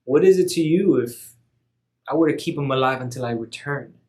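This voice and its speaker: A man voicing Jesus as a gentle, calm grown man who talks in casual, modern words. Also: medium pitch, moderate pace, natural voice. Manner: casual, modern everyday wording.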